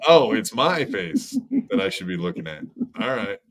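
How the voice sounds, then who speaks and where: A man's voice: on the low side, big pitch swings, normal speed. Profane joking man co-hosting a podcast. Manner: profane, joking, mimics people mid-sentence. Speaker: podcast co-host. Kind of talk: crude casual banter over stream clips.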